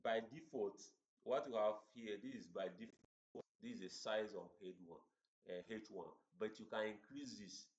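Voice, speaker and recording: A man teaching a coding tutorial, halting and often repeating words as he explains. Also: on the low side. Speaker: coding instructor. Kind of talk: screen-share coding tutorial. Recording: roomy, dull lo-fi recording.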